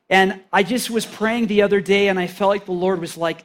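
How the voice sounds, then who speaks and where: A man with a notably high-pitched voice delivers an informal sermon. He speaks earnestly and conversationally, restarting phrases and paraphrasing scripture as he goes. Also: fairly even intonation, a little fast, hardly any pauses.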